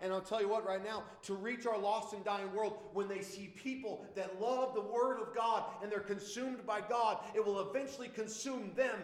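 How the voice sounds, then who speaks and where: A man's voice: high voice, steady tone, normal speed, hardly any pauses, echoey room. A man leading a Bible study, preaching with fervent, repetitive emphasis and bursts of praise.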